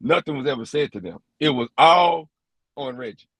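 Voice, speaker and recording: A man's voice: medium pitch, animated, normal speed, fairly bright tone, breathy edge, no room sound. A man, an umpire, recounting a tense game in a podcast interview, quoting exchanges word for word.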